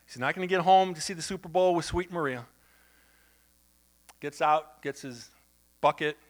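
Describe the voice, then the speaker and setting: With a fairly high pitch, the man preaching in church relates a story in an animated, chatty manner, turning now and then to address the congregation directly.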